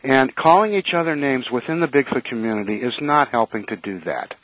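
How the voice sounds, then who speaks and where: A man's voice: mid-range voice, lively intonation, a little fast. A man co-hosting a radio talk show, speaking earnestly with frequent hesitations and restarts. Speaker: radio show co-host, museum curator. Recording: tinny phone-line radio audio.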